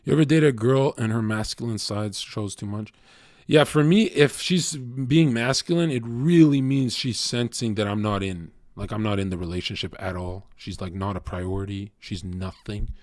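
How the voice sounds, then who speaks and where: A man's voice: fairly low pitch, normal speed, darkish tone, dry recording, studio quality. A young man streaming and lecturing his chat in a crude, cocky, swearing monologue. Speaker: livestreamer talking to chat. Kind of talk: casual blunt stream monologue.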